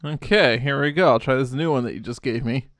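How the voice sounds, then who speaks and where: A man's voice: medium pitch, fairly quick. A man co-hosting a casual game show podcast, tossing in dry, joking asides and laughing. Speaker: co-host.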